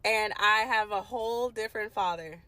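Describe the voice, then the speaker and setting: A woman's voice: mid-range voice, normal speed, sharp tone, no echo, low-quality recording. A woman in her late twenties from the Washington DC area, telling a personal story to her viewers in an emphatic, indignant way. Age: late 20s. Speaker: vlogger. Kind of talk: storytime vlog, talking to viewers.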